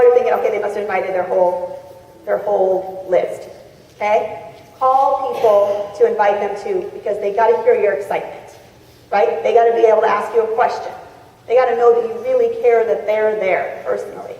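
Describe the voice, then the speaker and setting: Brief: higher-voiced woman, lively seminar speaker, chatty, heard from afar in a big reverberant hall. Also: fast, muffled recording. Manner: lively, chatty, acts out phone calls. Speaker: motivational speaker. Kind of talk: live seminar talk to a crowd. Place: large convention hall. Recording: echoey hall recorded from far off.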